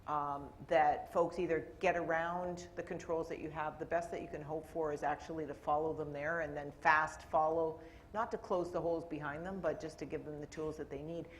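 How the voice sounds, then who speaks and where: A woman's voice: deep voice, steady tone, normal speed, slight background noise. A woman with a Canadian accent, an IT executive answering thoughtfully on a panel, with small restarts as she searches for words. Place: stage at a live panel event.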